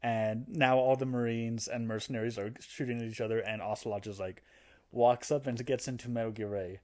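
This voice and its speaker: A man's voice: medium pitch, fairly quick. A man co-hosting a podcast, casually and animatedly retelling a video game story, now and then putting on character voices. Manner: animated storytelling, acting out character lines with laughs. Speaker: podcast co-host explaining a game plot. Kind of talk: casual chat.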